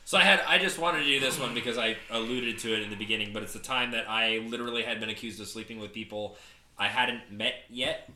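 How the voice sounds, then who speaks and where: A man's voice: medium pitch, fairly even intonation, quick pace, sharp tone, roomy sound. A man in his twenties telling a story in a casual podcast chat, joking, swearing and acting out quotes.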